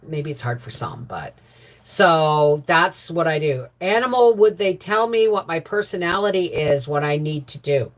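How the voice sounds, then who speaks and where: A middle-aged woman hosting a casual homestead livestream, greeting viewers by name and chatting warmly. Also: deep voice, expressive, normal speed. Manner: chatty, warm greetings to viewers, laughs often. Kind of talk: casual live chat reading viewer comments.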